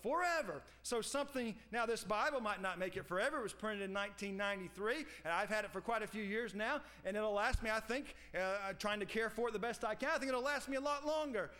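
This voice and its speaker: A man's voice: sits high, quick pace, few pauses, bright, forceful tone. A male pastor delivering a sermon, emphatic and repetitive, reading scripture aloud and driving his points home. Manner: emphatic preaching with repeated phrases.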